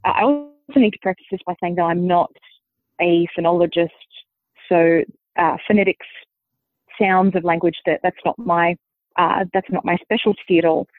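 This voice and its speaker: A woman with a softened Australian accent, a linguist guest explaining her views in a measured, thinking-aloud way. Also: fairly low pitch, no echo. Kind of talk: conversational interview answer. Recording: dry tinny phone-like line.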